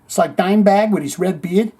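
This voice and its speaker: Husky, high, lively man hosting news. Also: a little fast. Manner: jokey asides, playful reading. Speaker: podcast host. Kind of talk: comedic news commentary.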